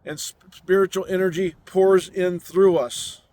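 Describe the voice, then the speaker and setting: Slow, high-voiced man preaching outdoors. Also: fairly even intonation, warm tone. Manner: slow, soothing, repetitive affirmations. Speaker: spiritual speaker. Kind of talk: inspirational sermon. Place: outdoors on a mountain overlooking a city.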